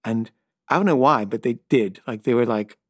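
A middle-aged filmmaker telling a personal anecdote in a loose, rambling way, full of fillers and stammered repeats. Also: male voice, medium pitch, normal speed, slightly rough, no echo, clean studio sound. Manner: stammers and repeats himself when flustered. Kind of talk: casual spoken anecdote.

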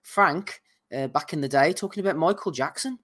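A man's voice: fairly high pitch, moderate pace, a bit bright, no echo. A man hosting a boxing podcast, teasing his co-hosts and introducing clips. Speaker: podcast host. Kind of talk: casual banter, introducing clips.

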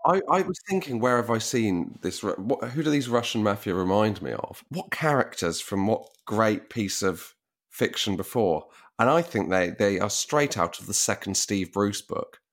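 Man, sarcastic podcast banter, very animated pitch, casual swearing. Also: normal speed. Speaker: podcast co-host. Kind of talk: casual film review chat.

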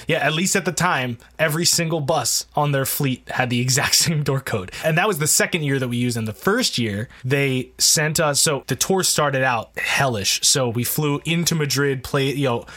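A man's voice: on the high side, a bit bright. A man, a guitarist guest, telling road stories in casual chat, with frequent laughter and swearing. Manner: laughing, profane anecdotes. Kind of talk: casual storytelling.

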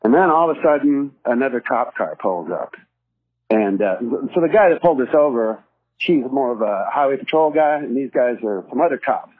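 A man tells a story in a loose, conversational way, and his pitch jumps around as he acts out the cop's lines. His voice has a slight husk to it. The audio sounds a bit dull, with faint music playing underneath. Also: expressive, moderate pace. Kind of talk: casual anecdote telling.

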